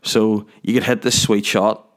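A man's voice: fairly low pitch, steady tone, measured pace. A young man rambling through a crude, self-deprecating comic story.

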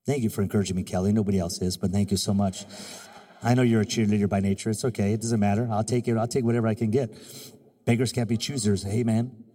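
A man preaching a sermon as pastor, moving from quiet, confiding talk to loud call-and-response exhortation. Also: fairly even intonation, fast talker, long reverb tail. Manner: soft, low, confiding in personal stretches.

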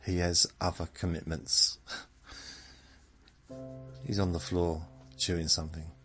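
A man in his seventies hosting a podcast, rambling in a meandering, self-mocking way, with drawn-out phrases. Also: low-pitched, flat delivery, a bit bright, slightly rough, soft background music. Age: 70s. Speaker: podcast host. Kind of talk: rambling bedtime monologue.

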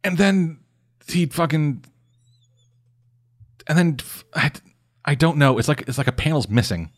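A man casually recapping a comic book on a podcast, rambling and swearing often, with dry, deadpan asides. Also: a little high, unhurried. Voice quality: rambling, profane, deadpan summary. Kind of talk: casual chat.

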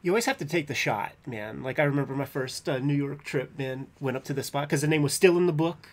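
A man's voice: a little high, fast talker. Laid-back man hosting an interview. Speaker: podcast host. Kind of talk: casual interview.

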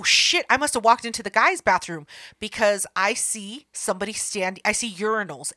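A young woman telling a story in casual chat, animated and profane, acting out voices. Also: medium pitch.

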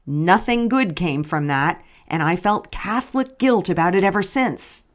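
A woman's voice: fairly low pitch, expressive, a little slow. A middle-aged woman narrating her memoir in a wry, storytelling manner.

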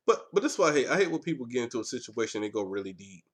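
A man in casual podcast chat, animated and joking, swearing freely. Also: medium pitch, racing.

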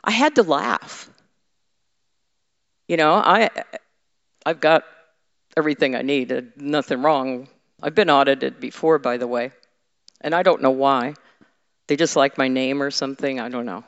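With an extremely low voice, she speaks unhurriedly and pauses often. This women's ministry leader preaches to her congregation conversationally, candid and humorous, teasing them along the way. The hall echoes and the audio is slightly dull.

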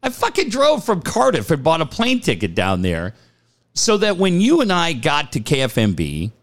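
This radio show host's voice sits on the high side, and he speaks at an ordinary speed. On his casual chat show he's an animated storyteller who swears without restraint and performs the quotes he relays.

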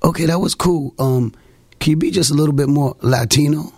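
A man's voice: on the high side, fairly quick, slightly rough, no room sound, pitched above the performer's own voice. A pushy, patronizing woman casting agent, as a man mimics her in a raised voice. She coaxes and talks down to the actor in front of her. The sound is close and dry. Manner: coaxing, patronizing requests.

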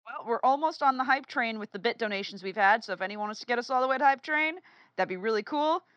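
A woman's voice: a little high, quick pace, no room sound. A woman co-hosting a casual podcast, playful and joking, then asking interview questions. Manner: playful, lively, drops to a hushed tone for jokes. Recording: dull lo-fi dry sound.

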